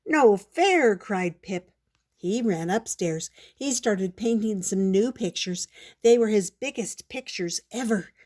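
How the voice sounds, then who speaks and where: Slow-reading older woman storyteller. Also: medium pitch. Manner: gentle, measured storybook narration. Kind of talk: reading a children's picture book aloud.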